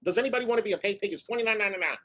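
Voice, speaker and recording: A man's voice: high-pitched, very fast, a bit bright. A man streaming live, telling brash, profane stories and chasing donation goals. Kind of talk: casual stream chat.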